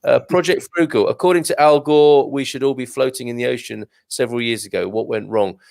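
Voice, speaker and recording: Male host, gravelly tone, dry close sound, casual and chatty, reads comments with off-the-cuff asides. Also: mid-range voice, a little fast, darkish tone, dry recording. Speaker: show host reading viewer comments. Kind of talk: casual live-stream chat.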